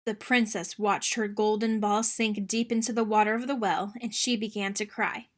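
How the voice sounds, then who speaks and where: A woman reading a children's picture book aloud in an expressive, sing-song storytelling manner. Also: medium pitch, moderate pace.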